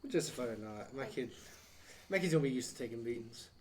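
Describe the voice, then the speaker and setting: A man's voice: mid-range voice, expressive, quick pace. Joking young man, off-mic. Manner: joking, blunt banter. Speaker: podcast co-host. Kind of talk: casual chat. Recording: mic at a distance.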